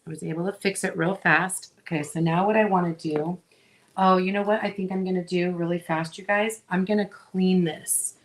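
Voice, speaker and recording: A middle-aged woman hosting a crafting video, chatting casually with viewers as she works and often pausing with fillers. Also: lowish voice, steady tone, slight background noise. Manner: chatty, talks to viewers while working, frequent fillers.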